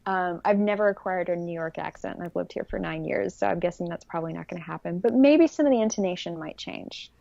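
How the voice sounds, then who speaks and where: A woman in her thirties from California, co-hosting a casual podcast chat in a measured, hesitant way with frequent ums. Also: lowish voice, vocal fry, warm tone, no echo. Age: 30s. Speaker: podcast co-host. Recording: dry, dull lo-fi audio.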